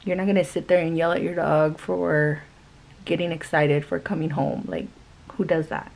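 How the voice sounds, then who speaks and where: A woman's voice: low voice, flat delivery, moderate pace, vocal fry, a little mellow, low-quality recording. A young woman vlogger telling a story casually while doing her makeup, rambling with lots of filler words. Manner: chatty, rambling, many "like" fillers. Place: home.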